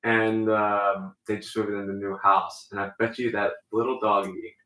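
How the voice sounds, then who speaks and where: A man chatting casually in a small talk contest, rambling and halting with many fillers. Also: lowish voice, flat delivery, bright, forceful tone, echoey room, poor audio. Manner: rambling, halting, with bad put-on British accent. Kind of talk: casual banter.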